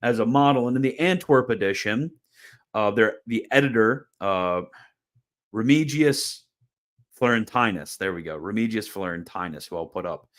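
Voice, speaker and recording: A man with a fairly low voice talks through a casual explanatory video lecture. His delivery is chatty and informal. He often doubles back on his words, and a dry, mildly sarcastic streak runs through it. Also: expressive, normal speed. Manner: chatty and informal, repeats words and restarts phrases. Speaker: host of a theology video channel.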